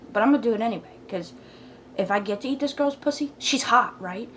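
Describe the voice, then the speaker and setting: Young adult female vlogger, casual storytime delivery, animated and profane, light hiss in the background. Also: medium pitch, quick pace. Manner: animated, swings between loud asides and hushed whispers; blunt, profane, talks with lots of fillers. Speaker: YouTuber telling a story.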